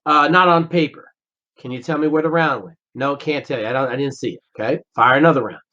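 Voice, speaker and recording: A man's voice: mid-range voice, fast, pushed and bright. A man, a former Navy SEAL, telling a story as a podcast guest in a blunt, profane way, acting out the dialogue. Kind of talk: casual storytelling interview. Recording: slightly dull lo-fi podcast audio.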